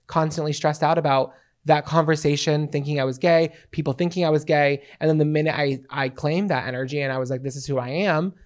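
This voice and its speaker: A man in his twenties co-hosting a casual podcast, a theatrical, animated storyteller with cheeky, playful humor. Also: fairly high pitch, a little fast, few pauses. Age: 20s. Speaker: podcast co-host.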